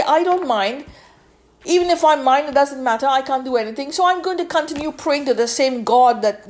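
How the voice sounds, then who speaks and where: Emphatic high-voiced woman lecturing. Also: a little mellow. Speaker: podcast host. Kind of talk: solo podcast monologue.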